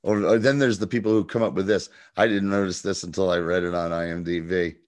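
Man, podcast co-host, casual chat, fairly low voice, laughs a lot, swears, acts out quotes. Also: fairly even intonation, fast.

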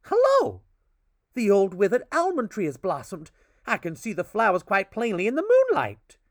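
Man putting on an excited young boy, high squeaky pitch, eager exclaiming, storybook. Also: moderate pace, dry recording, clean studio sound, full character voice.

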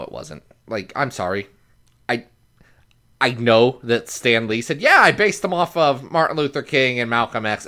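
A man co-hosting a chatty podcast, his mid-pitched voice swinging up high as he builds to a point. He restarts sentences often and laughs between them, keeping an animated, conversational flow. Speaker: podcast co-host. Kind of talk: casual chat.

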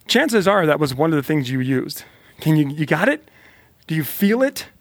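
A man speaks in an emphatic motivational monologue, repeating lines and pushing the listener to act. His voice sits a bit high. The sound is close and dry. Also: big pitch swings, normal speed, dry recording. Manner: emphatic, repetitive, fired-up; talks directly to the listener.

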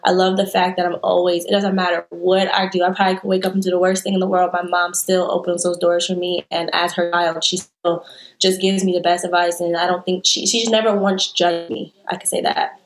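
A woman's voice: lowish voice, level tone, a little fast. A woman speaking as an interview guest in a candid conversation, earnest and heartfelt, with many fillers.

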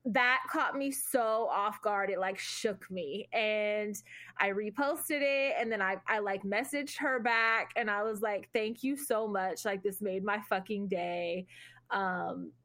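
A woman's voice: medium pitch, slow, fairly bright tone. A young adult woman co-hosting a podcast, telling a story in casual chat, swearing freely and laughing along. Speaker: podcast co-host.

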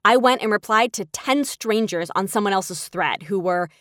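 A woman's voice: mid-range voice, normal speed, no room sound, studio quality. A woman in her thirties hosting a podcast in casual talk, telling stories with energy and acting out the replies she quotes. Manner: animated storytelling, acts out quoted replies. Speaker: podcast host.

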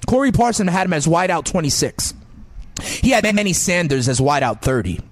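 A man giving fantasy football analysis in an emphatic, animated sports radio style. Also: on the high side, moderate pace, dry recording. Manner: animated, emphatic, sing-song delivery.

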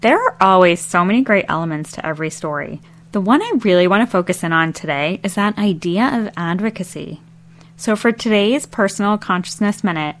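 A woman host delivering a scripted closing segment, speaking directly and motivatingly to listeners. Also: mid-range voice. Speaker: podcast host. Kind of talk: scripted outro address to listeners.

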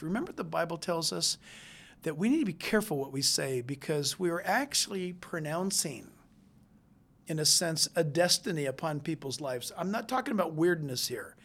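A preacher delivering a sermon, moving between hushed, intense stretches and loud, emphatic ones. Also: mid-range voice.

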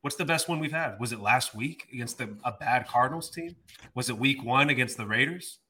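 A man's voice: mid-range voice, brisk, sharp tone, husky. A man ranting in exasperation on a sports podcast, swearing mildly. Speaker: podcast host. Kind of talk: casual sports talk.

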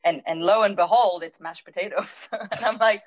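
This restaurant owner's voice sits in the mid range, and her pace is moderate as she lively recounts a story, often laughing and voicing what others said. It's a lo-fi recording with no echo.

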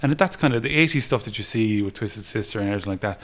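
An Irish man, a music festival promoter, chatting on a podcast and telling lively stories, acting out other people's lines and laughing often. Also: fairly low pitch, racing. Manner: animated storyteller who acts out quotes and laughs often. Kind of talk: casual podcast interview, storytelling.

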